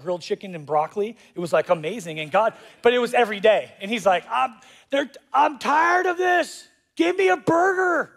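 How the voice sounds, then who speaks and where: A man preaching a sermon as pastor, animated and jokey, acting out voices in quotes. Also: sits high. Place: church auditorium.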